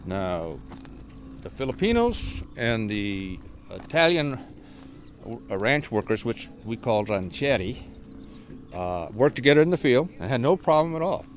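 An older man gives a storytelling tour and reads aloud from his own book, pausing often on "uh" between phrases. His pitch sits in an ordinary middle range for a man. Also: big pitch swings, slight background noise. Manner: hesitant, with frequent uh pauses. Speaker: author and tour guide.

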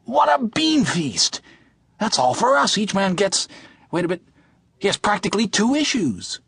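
A man voicing a greedy, excitable young soldier in an audiobook, in a high, squeaky voice. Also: moderate pace, husky, no room sound, clean studio sound. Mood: gleeful. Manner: gleeful, eager. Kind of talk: audiobook character voice.

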